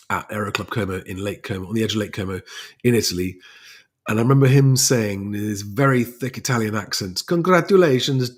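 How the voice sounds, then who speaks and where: A man's voice: on the low side, slightly rough. An English man hosting a casual livestream, chatting loosely with plenty of fillers and restarts as he answers viewer questions. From England. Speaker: livestream host and private pilot.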